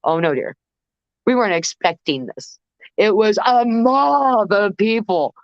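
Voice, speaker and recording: A woman guest vocalist telling stories in a casual interview, animated and acting out the people in them. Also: mid-range voice, measured pace, no room sound, muffled recording. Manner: animated, acts out voices in anecdotes.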